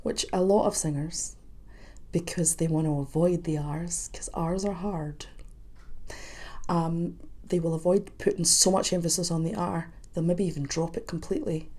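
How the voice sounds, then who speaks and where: A woman commenting on a song as a vocal coach, chatty and analytical, with quick asides. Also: lowish voice, steady tone, warm tone. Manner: analytical, breaks off to sing snippets. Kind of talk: reaction video commentary.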